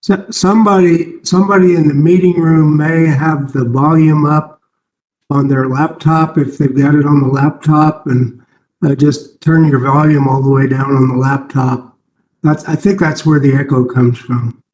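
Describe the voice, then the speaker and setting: Meeting participant, male, slightly high; echoey room with faint room hum. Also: steady tone, moderate pace, a little mellow. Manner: practical, explains tech fix. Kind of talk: casual meeting talk.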